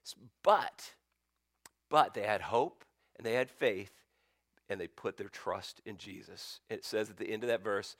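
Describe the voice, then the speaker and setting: Low-voiced preacher telling a story. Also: male voice, moderate pace, no room sound, studio quality. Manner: storytelling, swings from loud bursts to near-whispers. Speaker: pastor. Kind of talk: sermon.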